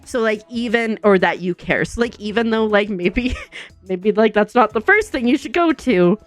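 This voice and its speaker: A young woman streaming from home, chatting casually with viewers, bubbly and chatty, full of "like" and quick laughs. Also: fairly high pitch, animated, no room sound. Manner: says "like" a lot. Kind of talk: casual chat with chat readers. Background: soft background music.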